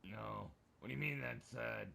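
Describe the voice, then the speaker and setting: A man's voice: lowish voice, moderate pace, gravelly, bright, forceful tone, a little hiss or hum. A man streaming a game, chatting casually with other players, joking, teasing and swearing freely.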